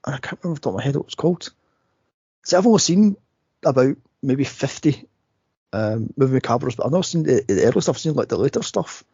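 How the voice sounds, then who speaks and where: Husky, gravelly man chatting. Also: mid-range voice, lively intonation, fast talker, dark tone, no room sound, muffled recording. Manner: rambling, laughs often, acts out scenes. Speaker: podcast host. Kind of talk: casual movie podcast chat.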